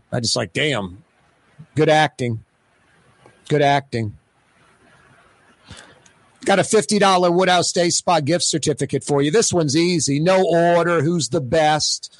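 A man with a slightly high voice hosts a radio talk show from the studio, chatting casually and running prize giveaways. He rambles in an animated way, repeating himself and restarting with stammers. The recording is dry.

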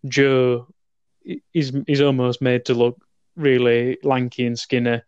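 Halting man in casual film chat. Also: medium pitch, level tone, darkish tone, clear, resonant tone, dry recording, lo-fi sound. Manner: halting, repeats words, asks for agreement.

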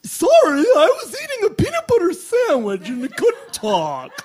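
An actress playing a laid-back Ghost of Christmas Future in a live radio comedy sketch, casual and unbothered. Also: female voice, very high voice, wildly swooping pitch, normal speed, a little mellow, slight background noise, exaggerated voice.

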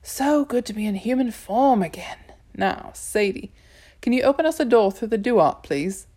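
A woman's voice: a little high, expressive, warm tone. A woman reading an audiobook, voicing a playful, confident feline goddess who purrs and teases. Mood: brisk amused. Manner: purring, amused, brisk. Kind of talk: audiobook character voice.

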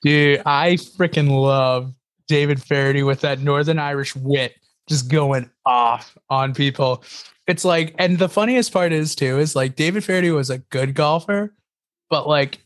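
A man's voice: on the high side, unhurried. Chatty, laughing podcast guy. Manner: animated storyteller, laughs often, many fillers. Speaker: podcast co-host. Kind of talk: casual chat.

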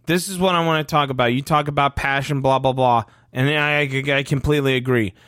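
A man's voice: medium pitch, steady tone, fairly quick, a bit bright, no echo, clean studio sound. A male podcast host ranting emphatically and swearing, fired up in heated sports talk.

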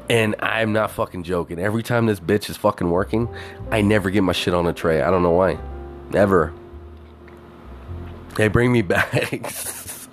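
A man telling a story in a casual, animated rant, swearing constantly and filling his talk with "like" and "you know". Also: sits low, moderate pace, long pauses, faint music behind. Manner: animated, heavy swearing, many fillers.

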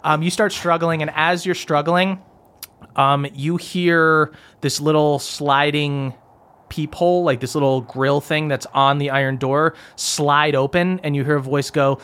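A man running a tabletop game as game master, narrating scenes in a relaxed way with many fillers. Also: on the high side, measured pace, smooth.

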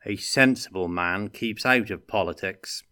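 Guy doing a jumpy wary peddler from a fantasy tale, low slow voice. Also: bright, forceful tone, clear, resonant tone, no room sound, studio quality. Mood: cautious. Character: nervous, cautious male peddler.

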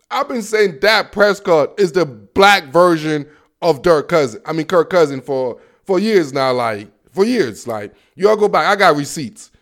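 A man talking sports in a casual monologue, animated and slangy, repeating himself as he pushes his opinions hard. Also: high-pitched. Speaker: sports commentator.

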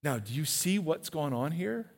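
A man preaching a sermon in a church, animated and questioning his listeners directly. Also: on the high side, normal speed, vocal fry, in a large hall.

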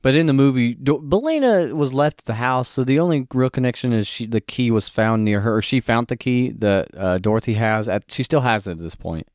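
Rambling, animated male podcast co-host. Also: medium pitch, brisk, few pauses, no room sound, clean studio sound. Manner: animated, rambling, laughs often. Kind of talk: casual movie-review chat.

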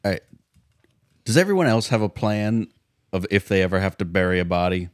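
Brief: man, deep voice, dead-dry sound, wry casual questions. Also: animated, fairly quick, dry recording. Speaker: podcast co-host. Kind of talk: casual chat.

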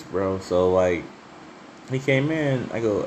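Low-voiced man telling stories, swearing freely. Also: slow, pauses often, a little hiss or hum. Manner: laughs often, swears freely, chatty and animated when telling stories. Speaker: solo podcast host. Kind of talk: casual profane storytelling monologue.

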